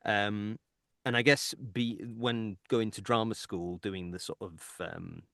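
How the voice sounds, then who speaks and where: A man's voice: on the low side, slow pace, fairly bright tone, no room sound, clean studio sound. A man with a Hull accent, a voice actor guest explaining his craft in a thoughtful, chatty way with fillers and asides. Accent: Hull English. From England. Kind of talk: casual interview chat.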